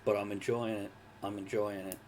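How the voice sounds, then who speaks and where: A man in his forties hosting a casual podcast chat from home, relaxed and talkative, cracking jokes as he goes. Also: lowish voice, brisk, noisy background. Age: 40s. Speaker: podcast host.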